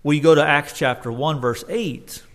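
A man's voice: fairly high pitch, moderate pace, a bit bright. A man preaching a sermon earnestly, often restarting his phrases and rising in force when he quotes scripture.

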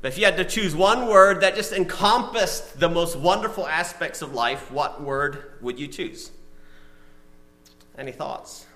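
A man preaching a sermon to a small congregation and listeners, telling stories and reading out lists, swinging between loud emphasis and soft asides. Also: on the high side. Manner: reads lists of words slowly, one at a time. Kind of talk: sermon with storytelling.

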